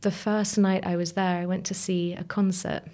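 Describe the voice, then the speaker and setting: A woman's voice: on the low side, flat delivery, moderate pace, warm tone. A woman guest in a reflective conversation, musing and searching for words, sometimes dropping to a whisper. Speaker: podcast guest.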